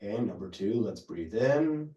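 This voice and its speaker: A man leading a yoga class, giving calm, unhurried cues for stretches and breathing. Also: on the low side, roomy sound, distant mic, lo-fi sound. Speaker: yoga instructor. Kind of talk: guided yoga class instruction.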